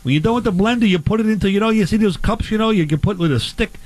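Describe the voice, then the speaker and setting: A man's voice: sits high, racing, a little mellow. A man doing comic banter, rambling and playfully clueless.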